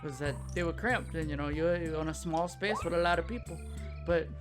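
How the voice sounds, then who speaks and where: This gaming show host has a fairly high voice and talks fairly quickly in a South Louisiana accent; he's in his thirties and from the region. Playing a video game with its music behind him, he rambles casually and keeps losing his thread.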